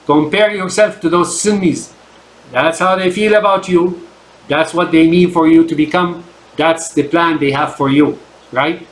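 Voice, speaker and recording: A man's voice: fairly high pitch, low-quality recording. A man whose first language is Arabic gives a rambling, emphatic monologue to his viewers, often stopping to ask "right?". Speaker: channel host. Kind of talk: ranting monologue to camera.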